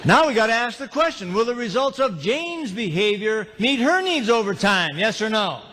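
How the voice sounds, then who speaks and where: A high, lively male voice gives a seminar talk, swinging his pitch widely as he tells stories. He keeps it humorous and turns questions out to the crowd. The long reverb of a large hall carries every phrase. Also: moderate pace. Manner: animated, humorous, asks the audience questions. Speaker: motivational speaker. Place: large lecture hall with live audience.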